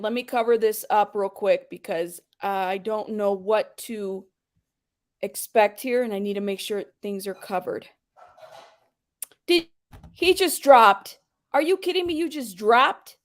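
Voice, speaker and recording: Woman, high voice, livestream host, heated, confrontational, calling out her chat. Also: darkish tone.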